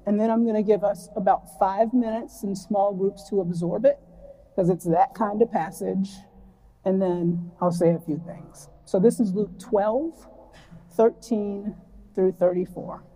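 Woman preacher, earnest and reflective, warm low-bright tone, mid pitch, reverberant sanctuary sound. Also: steady tone. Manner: reflective, earnest, reads scripture slowly. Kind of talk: sermon with scripture reading. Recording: long hall reverb.

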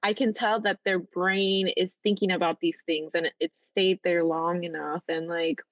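A woman's voice: fairly low pitch, normal speed, no echo. Chatty woman teacher on a dull line. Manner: chatty, many "like" fillers, lively when quoting students. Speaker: teacher, podcast guest. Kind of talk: casual interview chat.

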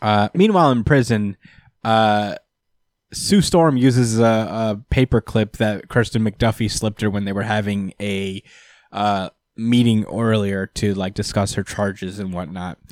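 A man's voice: on the low side, unhurried, dry recording, clean studio sound. A man co-hosting a casual comic book podcast, recapping the story in a loose, rambling way. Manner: relaxed, rambling, acts out characters with put-on voices and laughs.

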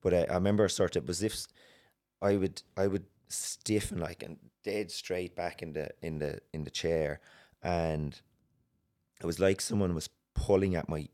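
Irish guy, really low voice, telling his story in bits and restarts. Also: steady tone, dark tone. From Ireland. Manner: earnest, halting, with many restarts. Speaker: guest. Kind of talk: personal story in a podcast interview.

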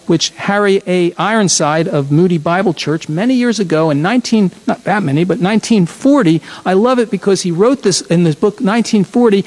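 Male preacher, high voice, folksy chatty sermon, self-correcting. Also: a little mellow, poor audio. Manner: folksy, conversational, corrects himself often.

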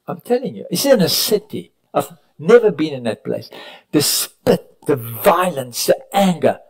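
A man preaching a sermon at a retreat, telling stories, rising to loud cries and dropping to near whispers, sometimes correcting himself mid-sentence. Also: medium pitch, sing-song, normal speed, few pauses, low-quality recording. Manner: preaching with sudden rises and hushed drops; storytelling with self-corrections. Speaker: pastor. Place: retreat meeting room.

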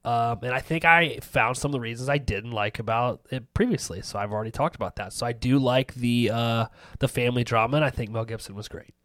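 A man hosting a movie podcast in loose, joking chat, with a voice of ordinary middle pitch. The sound is dry and close, with no room around him. He talks with crude, animated humor. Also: brisk, no echo. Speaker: podcast host. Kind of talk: casual movie-review chat.

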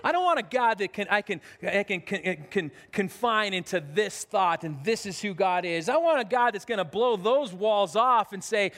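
A man's voice: high-pitched, expressive, normal speed, hardly any pauses, a bit bright. A man preaching a sermon as a pastor, conversational and self-deprecating, often restarting his sentences. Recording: long hall reverb.

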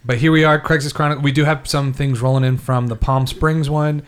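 A man hosting a casual podcast, talking in a relaxed, meandering way. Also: mid-range voice, a little fast, smooth. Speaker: podcast host. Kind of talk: casual chat.

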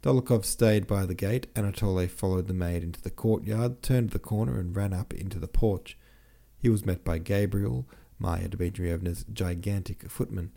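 A man narrates a classic novel for his podcast in a steady, measured manner. His voice is low and mellow, unhurried and even. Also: vocal fry. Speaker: audiobook podcast host.

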